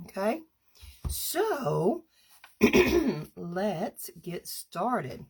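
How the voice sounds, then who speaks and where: A woman demonstrating a paper craft on a live stream, chatty and unhurried, stopping now and then to clear her throat. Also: medium pitch, very animated, darkish tone.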